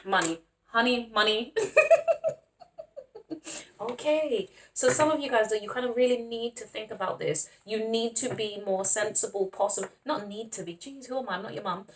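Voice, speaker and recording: Excitable woman reading tarot. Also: on the high side, a little fast, few pauses, slight background noise. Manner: excitable, laughs often, calls viewers honey and darling. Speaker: tarot reader. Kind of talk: casual tarot reading to camera.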